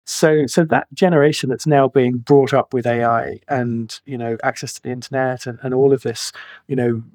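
A man's voice: medium pitch, steady tone, normal speed, a little mellow, no room sound. A man in his forties, a financial planner speaking as a podcast guest, talking emphatically and reaching for colorful analogies. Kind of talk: podcast interview.

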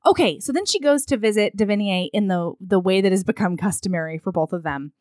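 A woman recapping a film in casual chat, acting out the characters' lines in an animated way. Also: medium pitch, fast talker, no room sound, clean studio sound. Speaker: podcast co-host recapping a film. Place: her living room.

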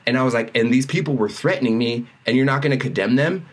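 A man's voice: mid-range voice, fast, slightly rough. A man co-hosting a podcast, telling a story in casual chat and acting out the lines of the people in it. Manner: animated storyteller who acts out other people's lines. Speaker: podcast co-host.

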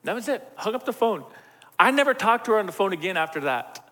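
A man's voice: sits high, big pitch swings, fast, pushed and bright. A middle-aged man, a pastor, preaching a sermon in a casual, joking way and acting out the voices he quotes. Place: large church hall. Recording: long hall reverb.

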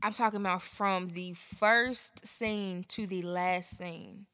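A woman's voice: lowish voice, takes it slowly, no echo, studio quality. Brash, profane woman podcast co-host. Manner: profane, animated storytelling. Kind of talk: casual chat.

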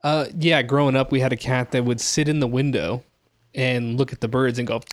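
A man's voice: mid-range voice, little pitch movement, brisk, no echo. Easygoing man, dry close sound. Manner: easygoing, storytelling. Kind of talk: casual chat.

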